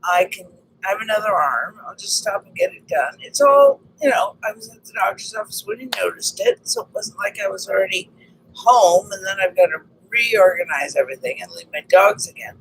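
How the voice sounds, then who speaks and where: A woman chatting straight to the camera about her day. Her pitch swoops widely as she acts out the back-and-forth, and a gravelly fry runs under her words. A faint hiss sits behind her. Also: a little fast, rough recording. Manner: animated, re-enacts conversations, frequent restarts. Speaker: vlogger telling a personal story. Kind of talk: casual storytelling monologue.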